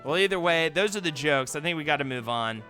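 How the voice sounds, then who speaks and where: A man hosting a live stream reads jokes aloud in a bright, slightly high voice, laughing along as he goes. He tells long stories with plenty of playful asides. Faint music plays behind him. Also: expressive, quick pace. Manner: playful joke-telling, laughs often. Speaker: host.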